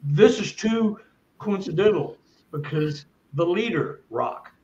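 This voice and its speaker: A somewhat high-pitched man tells his story as a guest speaker, earnest and rambling, often restarting his sentences. His voice sounds echoey and a little muffled, as if heard over a remote link. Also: lively intonation, slow, a little mellow, a little hiss or hum. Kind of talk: casual first-person storytelling.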